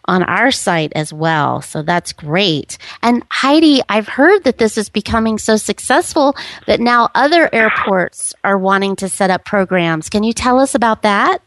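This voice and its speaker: A woman hosting a radio interview, warm and gushing as she prompts her guests. Her voice is dry and close, with no room sound. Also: mid-range voice, expressive, measured pace, hardly any pauses, no echo. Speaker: radio host.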